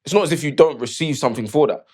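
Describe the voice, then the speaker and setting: A man's voice: mid-range voice, rapid-fire, a little mellow, slightly rough. A man with a mid-range voice co-hosts a casual debate. He defends his position in a loose, slangy way, full of easygoing fillers. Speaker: co-host.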